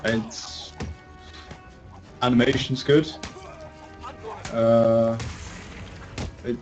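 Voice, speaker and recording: A man's voice: mid-range voice, flat delivery, extremely slow, a little mellow, lo-fi sound, faint music behind. A man hosting a casual group chat, blunt and emphatic when he disagrees. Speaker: podcast host.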